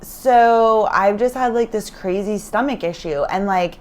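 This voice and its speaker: A woman's voice: medium pitch, a little slow, darkish tone. A woman co-hosting a podcast in casual chat, talking loosely with lots of "like" and casual swearing, recorded in a hotel room while feeling sick. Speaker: podcast co-host.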